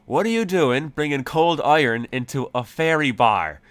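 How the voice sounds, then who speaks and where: A man's voice: lowish voice, normal speed, fairly bright tone, lightly acted. A man voicing a grumpy, insulting male leprechaun bartender in a tabletop game, talking with exasperated scorn. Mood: scornful.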